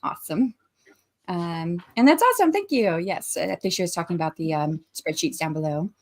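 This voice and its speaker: Chatting through a relaxed writing livestream, a host in her forties welcomes viewers by name and reads out what they send in. She speaks at a normal speed in a lowish voice with a darkish tone.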